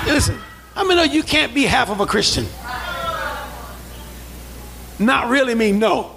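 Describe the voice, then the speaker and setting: A man preaching a sermon as pastor, calling for amens, acting out quoted voices and rising into shouts. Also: high voice, expressive, a little fast, vocal fry, slight background noise, rough recording. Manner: preaching with call-and-response, building to shouts; acts out quoted voices in asides. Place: church sanctuary.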